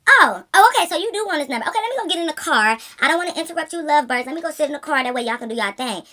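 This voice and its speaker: A woman's voice: sits high, fast talker, fairly bright tone, pitched above the performer's own voice. Woman doing a jealous, whiny young woman. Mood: sarcastic. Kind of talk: storytime reenactment.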